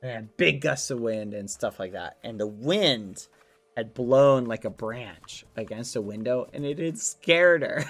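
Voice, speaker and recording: An expressive man with a medium, slightly bright voice speaks at a measured pace while streaming a game from his room. He chats casually with viewers and rambles through a story full of fillers.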